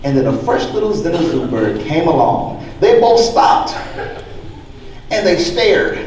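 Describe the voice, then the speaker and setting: Lively man reading a rhyming story. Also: on the high side, a little slow. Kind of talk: read-aloud rhyming story. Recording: echoey hall from far off, faint noise.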